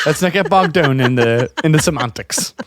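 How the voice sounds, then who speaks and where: A man from Ireland co-hosting a podcast in casual chat, animated and laughing as he tells stories. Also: on the high side, moderate pace, dry recording, clean studio sound. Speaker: podcast co-host.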